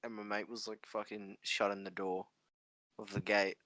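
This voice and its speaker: A man's voice: on the low side, flat delivery, normal speed, sharp tone, dry recording. A young man hosting a podcast, telling stories in a rambling, swear-filled casual chat with frequent laughs. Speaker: podcast host.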